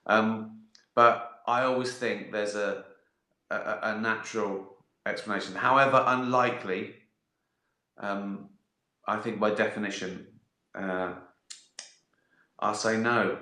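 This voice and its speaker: Slow, rambling, sweary man. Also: fairly low pitch, steady tone, sharp tone. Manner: rambling, sweary, laughs at his own jokes. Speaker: host answering viewer questions. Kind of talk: casual live-stream chat. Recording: echoey room.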